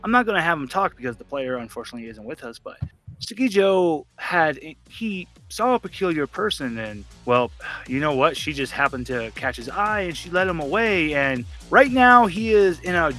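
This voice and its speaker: A man narrating a tabletop game as game master, animated and slipping into voices for the characters, with faint music behind him. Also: a little high, normal speed.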